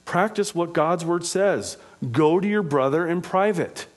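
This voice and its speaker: A man preaching a sermon as pastor, with passionate delivery that rises to loud, emphatic peaks. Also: sits high, unhurried.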